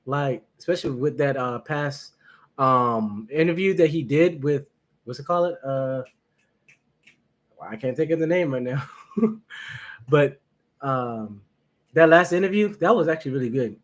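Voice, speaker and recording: A man's voice: medium pitch, expressive, unhurried, long pauses. A man hosting his first livestream, chatting casually and nervously with viewers, greeting them by name and laughing often. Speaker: livestream reaction host.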